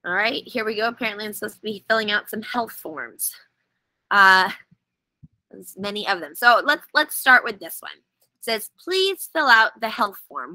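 A woman's voice: medium pitch, expressive, moderate pace, pushed and bright, dry recording, rough recording. A woman running a casual webinar, explaining step by step in a chatty, wry way while sitting outdoors.

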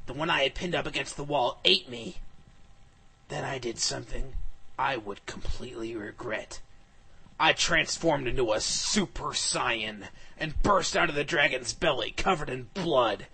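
A man reads fan fiction aloud for laughs, hamming up the drama and now and then shouting. His voice is forceful and bright, with a husky grain to it. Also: mid-range voice, measured pace. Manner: mock-dramatic, bursts into shouting. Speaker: reader. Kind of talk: comic reading of fan fiction.

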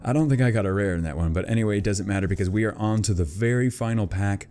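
Low-voiced excitable man opening cards. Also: fast talker, faint music behind. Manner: chatty, excitable, gushing over pulls. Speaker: card-opening YouTuber. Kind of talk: casual unboxing commentary.

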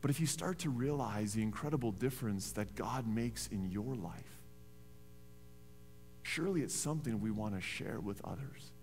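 A man, a pastor preaching a sermon in a church in a conversational, animated storytelling way. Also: on the low side, moderate pace, a little hiss or hum. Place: church sanctuary. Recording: reverberant church hall.

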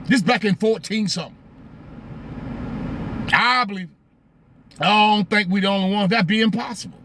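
A man's voice: sits high, moderate pace, sharp tone, a little hiss or hum. A man hosting a live stream, talking casually, greeting viewers by name and asking them rhetorical questions.

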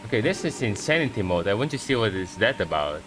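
A man's voice: fairly low pitch, sing-song, quick pace, over music, poor audio. Jumpy swearing man playing a horror game. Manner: jumpy, swearing, reads on-screen text aloud. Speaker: gameplay streamer. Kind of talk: horror game let's play commentary.

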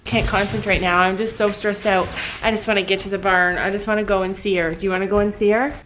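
Speaking quickly in a mid-range, slightly bright voice with fairly even intonation, a Canadian mother vlogs casually, addressing viewers directly on a handheld camera. The recording is low quality, with a little hiss or hum.

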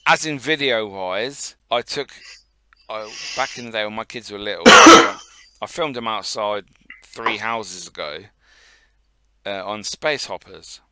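Laid-back Northampton bloke, low voice. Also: male voice, unhurried, slight background noise. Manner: relaxed, laughs often, swears casually. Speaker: podcast co-host. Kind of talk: casual chat.

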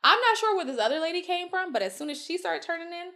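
A woman guest telling stories in casual chat, animated and swearing freely as she acts out quotes. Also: very high voice, fast. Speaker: podcast guest.

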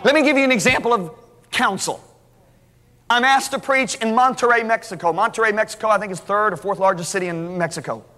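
A middle-aged man preaching a sermon as a lively story, acting out the dialogue. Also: high voice, brisk. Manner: animated, acts out dialogue, restarts. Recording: hall reverb.

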